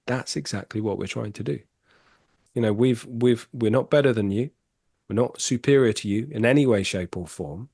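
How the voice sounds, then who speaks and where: A man talking as a podcast guest in casual storytelling chat, candid and animated, swearing freely. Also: medium pitch, normal speed, gravelly, husky, dry recording, clean studio sound.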